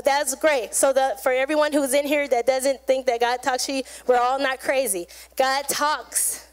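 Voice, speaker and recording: A woman pastor delivers an earnest, chatty sermon to her congregation. Her voice sits high, and she talks it through like a friend, voicing short prayers and everyday conversations as she goes. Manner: conversational, earnest, acts out little quoted prayers and chats. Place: church sanctuary.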